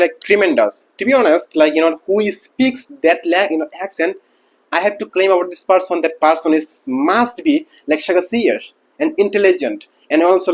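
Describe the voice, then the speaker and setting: A man who did not grow up speaking English, talking casually to camera as a teacher and packing his speech with fillers like "like" and "you know what". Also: on the high side. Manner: rambling, heavy use of like and you know what. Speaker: English teacher and channel host.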